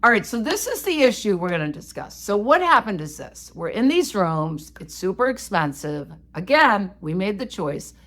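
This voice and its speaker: A woman co-hosting a podcast, telling a story in a casual, animated, self-mocking way. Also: mid-range voice, moderate pace, few pauses. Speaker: podcast co-host.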